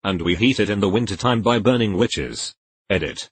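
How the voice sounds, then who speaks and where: A man's text-to-speech voice reading forum posts aloud in a flat synthetic way, spelling out links letter by letter. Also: fairly low pitch, moderate pace, slightly rough.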